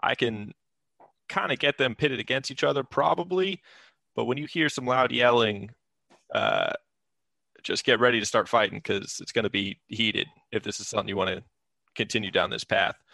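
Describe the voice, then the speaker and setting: A man voicing a cunning adventurer scout who quietly lays out a plan. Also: medium pitch, animated, moderate pace, creaky, no room sound, heavily acted. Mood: scheming. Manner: hushed, strategic, matter-of-fact. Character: cunning male adventurer scout, calm planner. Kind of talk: tabletop game character voice.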